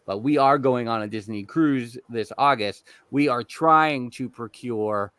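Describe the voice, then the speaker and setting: A man's voice: medium pitch, measured pace, fairly bright tone, smooth, dry recording. A man co-hosting a podcast in casual chat, rambling with lots of fillers. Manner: rambling, restarts with many fillers. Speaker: podcast co-host.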